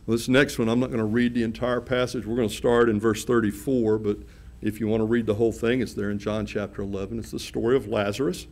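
A man's voice: lowish voice, flat delivery, fast, darkish tone. A man preaching a sermon in church, reading scripture aloud with dramatic emphasis and raising his voice for quoted cries.

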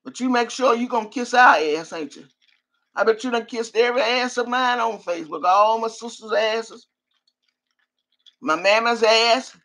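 A woman's voice: on the high side, normal speed, fairly bright tone. An older woman on a live stream, cursing and trash-talking while she reads out viewer names. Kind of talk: profane live-stream rant.

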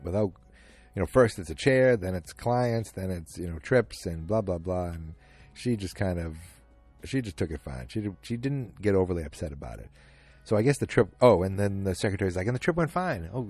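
A man with a deep, husky voice hosts a casual solo podcast. He talks in a loose, rambling way and keeps slipping in quoted lines and filler words. His tone is dark and mellow, with faint music underneath. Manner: rambling, retells scenes with quoted lines, many ums. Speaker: podcast host recapping a TV episode.

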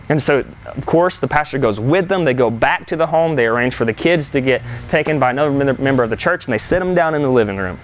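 A man preaching in a church, slowing down to lean on key phrases as he tells a story. His voice sits in a middle register. A faint hum of the room stays underneath. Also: medium pitch. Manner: earnest storytelling with slow emphatic pauses. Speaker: pastor. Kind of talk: sermon. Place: church sanctuary.

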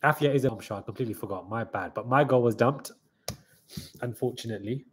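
A young man hosting a live reaction stream, excitable and hyped, calling out "guys" often, with a slightly stuffy nose. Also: medium pitch, quick pace, a little hiss or hum. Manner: excitable hype talk, keeps saying "guys".

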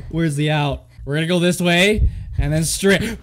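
Over music, a man with a fairly high voice and moderate pace comments on the horror game he's playing for his gaming channel. He's jumpy and foul-mouthed, yelping and panicking at frights and tossing jokes at his viewers and the game.

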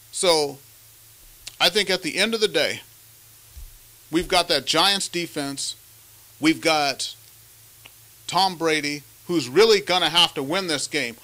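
A man's voice: on the high side, pushed and bright. A man hosting a sports analysis show, talking emphatically and leading the questions.

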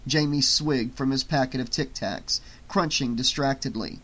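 A man narrating an audiobook in a steady, measured reading. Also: mid-range voice, husky. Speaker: audiobook reader.

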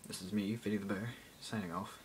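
Teen boy, deep voice, random jokey vlog chatter, phone camera, faint rumble. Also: little pitch movement, brisk, rough recording. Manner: random, jokey, self-mocking, mutters asides. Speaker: vlogger. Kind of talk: rambling casual vlog.

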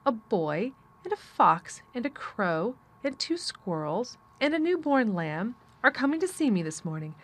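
A woman's voice: medium pitch, big pitch swings, fairly quick, husky. A woman voicing an imperious, sickly young boy who is used to giving orders, speaking in a commanding, haughty manner.

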